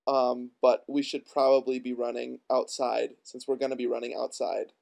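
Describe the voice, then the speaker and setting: A man with an Upper Midwest accent co-hosting a casual podcast, relaxed and quick to chuckle. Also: medium pitch, creaky. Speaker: podcast co-host.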